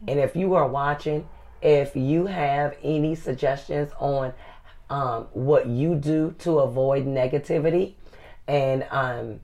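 A woman's voice: extremely low pitch, a little mellow. A middle-aged woman co-hosting a casual advice show, folksy and calling people "honey". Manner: folksy, says "honey" often, slow and drawn out. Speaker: co-host.

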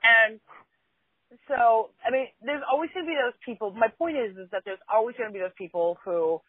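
A woman's voice: on the high side, a little fast, slightly rough, dry recording. A woman co-hosting a casual podcast, who tells a story bluntly and often restarts her sentences. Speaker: co-host. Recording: dry, phone-like line.

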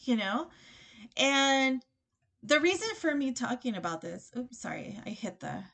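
A woman's voice: high-pitched, measured pace, creaky. A young woman hosting a podcast, casually telling a long personal story and acting out both sides of the conversations. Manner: animated, lots of "like" and quoted dialogue. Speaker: podcast host. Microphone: desk microphone.

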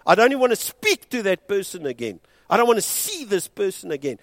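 Preaching with passion, a South African man serving as pastor shifts between quiet and loud moments and mixes English with Afrikaans. His high-pitched voice has a sing-song quality and moves a little fast. The recording has no echo.

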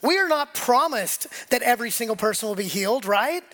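A man giving a conversational sermon as pastor, animated and casual, acting out quotes as he preaches in a church. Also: extremely high pitch, a little fast. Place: church sanctuary with congregation.

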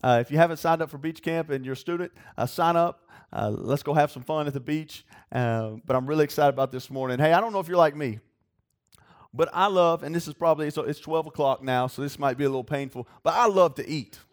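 A young man preaching a sermon, with a voice that sits a little high. He tells folksy stories and works himself up to excited shouts. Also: quick pace. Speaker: youth pastor preaching.

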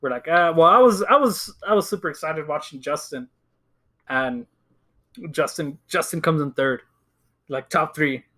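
High-voiced young man telling a story. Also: normal speed. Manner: animated storytelling, acts out quotes, laughs often. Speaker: podcast co-host. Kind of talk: casual chat.

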